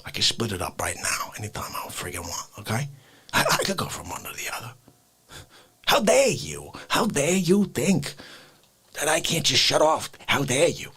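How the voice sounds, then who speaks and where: A man doing a celebrity impression of a cranky old man, ranting in a rambling way with husky whispers and sudden shouts. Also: medium pitch, big pitch swings, moderate pace, pitched below the performer's own voice, full character voice. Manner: rambling rant, bursts into shouts. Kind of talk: comedic improvised rant.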